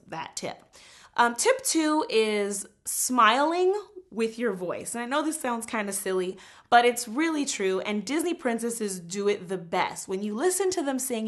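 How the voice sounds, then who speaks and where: A woman teaching a casual singing lesson, animated and explaining with quick spoken and sung examples. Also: mid-range voice.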